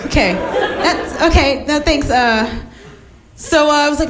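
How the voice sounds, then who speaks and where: Brief: lively stand-up woman, higher voice, roaring live crowd. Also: extremely slow, long pauses, roomy sound. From American South. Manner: animated, self-mocking, laughing. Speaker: stand-up comedian. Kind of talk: stand-up comedy set. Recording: live stage with loud crowd.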